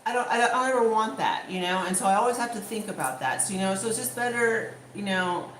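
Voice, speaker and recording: A woman's voice: medium pitch, fast, a bit bright, slight background noise. A woman vlogger in casual chat, talking in a loose, chatty way full of fillers. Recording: echoey room, faint ambience.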